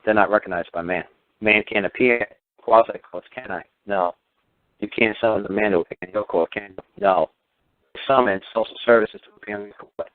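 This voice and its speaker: A man's voice: lowish voice, no echo. A man hosting a radio show, ranting heatedly and firing off sarcastic rhetorical questions with some swearing. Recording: tinny phone-line radio audio.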